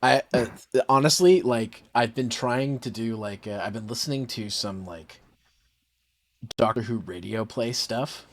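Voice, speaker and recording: A Canadian man hosting a casual stream chat, animated and joking. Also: mid-range voice, unhurried. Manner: animated, laughing, trying silly voices. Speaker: streamer host.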